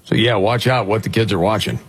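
Husky-voiced man hosting a talk show. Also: lowish voice, fairly quick. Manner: conversational, leads topics. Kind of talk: casual talk radio chat.

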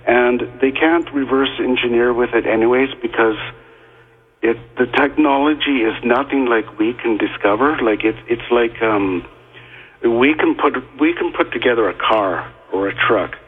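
A man speaks as a guest on a call-in radio show, stopping and restarting often, with plenty of fillers. His voice is husky and thin, coming through a narrow phone-line broadcast. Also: medium pitch. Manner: halting, many fillers and restarts.

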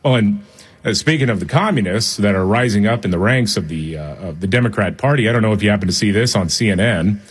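A man delivering opinionated talk-radio commentary. He is blunt and sarcastic. His voice sits low with a husky edge, and he speaks into a studio microphone. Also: animated, fast talker. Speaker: radio talk show co-host.

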